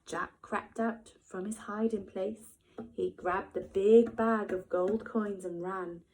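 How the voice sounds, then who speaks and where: A woman, a nursery teacher, reading a storybook to young children expressively, with gasps and hushed whispers. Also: mid-range voice, steady tone, slow pace, a little hiss or hum, rough recording.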